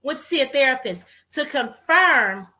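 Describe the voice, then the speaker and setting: A woman therapist co-hosting a casual talk on a video call, telling stories in an animated way and acting out what people said. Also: high voice, moderate pace. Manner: animated storytelling, acts out quotes. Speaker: therapist and co-host. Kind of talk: casual conversation.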